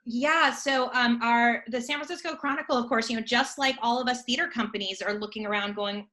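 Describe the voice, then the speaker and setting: A woman's voice: a little high, fairly even intonation, fairly quick, few pauses, bright, forceful tone. A woman in her thirties from a children's theater company, chatting animatedly in an interview and laughing often. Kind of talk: casual remote interview chat.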